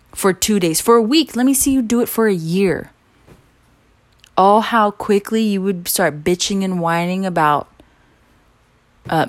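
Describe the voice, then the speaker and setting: A young woman rants late at night in an angry, profane monologue, leaning hard on her words. Her voice is on the low side and the recording is dry. When she imitates other people, she slips into a mocking, whiny tone.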